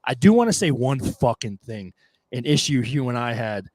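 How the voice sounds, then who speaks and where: A man co-hosting a casual podcast, talking excitably and swearing heavily. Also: medium pitch, moderate pace, no room sound. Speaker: podcast co-host. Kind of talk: casual chat.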